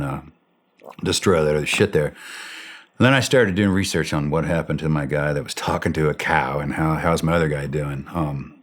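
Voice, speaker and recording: Very deep-voiced man telling a war story. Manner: vivid storytelling, acts out shouted radio calls; blunt, swears freely. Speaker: interview guest.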